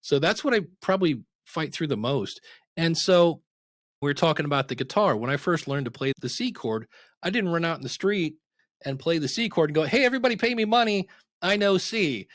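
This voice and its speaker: A man guesting on a podcast interview, coaching new podcasters through lively stories and acting out quoted dialogue. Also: on the high side, moderate pace, dry recording, studio quality. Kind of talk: casual interview storytelling.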